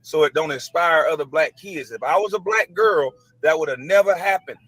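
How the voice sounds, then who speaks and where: A man calmly explaining his side, blunt, matter-of-fact and frustrated. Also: on the high side, moderate pace, husky, dry recording, low-quality recording. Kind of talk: casual self-defending explanation.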